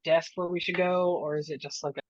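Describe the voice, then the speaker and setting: Brief: woman player, lowish voice, dry and lo-fi, chatty with fillers. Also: steady tone, brisk, dry recording. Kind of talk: casual tabletop play.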